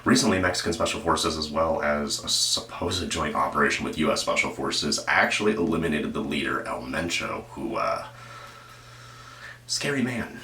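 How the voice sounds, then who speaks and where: Low-voiced man, bright and forceful, rambling profane commentary host, recorded a bit off-mic in an echoey room. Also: recorded from a distance, a little hiss or hum. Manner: meandering, profane, self-interrupting. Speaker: true-crime commentary host.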